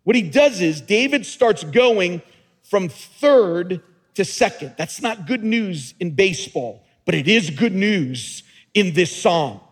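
A man's voice: animated, slow, slightly rough. A man preaching a sermon as pastor to his church, rising into fervent, emphatic delivery. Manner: builds to loud, high-pitched preaching fervor. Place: church sanctuary. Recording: long reverb of a church hall.

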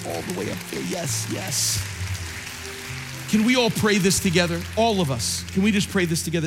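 A man preaching a sermon in a large church, rising to impassioned shouts and dropping to soft pleading as he calls people forward. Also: high voice, sing-song, fairly quick, in a large hall, over music. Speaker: pastor. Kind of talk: sermon with altar call.

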